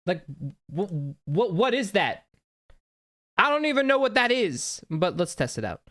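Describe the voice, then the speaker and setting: A young adult streamer chatting live, excitable, jumping between mumbled asides and loud outbursts, with keyboard typing behind. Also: mid-range voice, a little slow, no room sound, clean studio sound.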